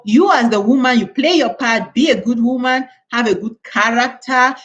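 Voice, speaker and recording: A woman's voice: on the high side, lo-fi sound. A woman from Cameroon hosting a live stream, lecturing her viewers in an emphatic way and repeating words for stress. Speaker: channel host.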